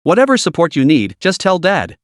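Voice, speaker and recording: A man voicing a stern but proud father, speaking firmly and slowly. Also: fairly high pitch, wildly swooping pitch, no echo, clean studio sound. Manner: firm, slow, stern.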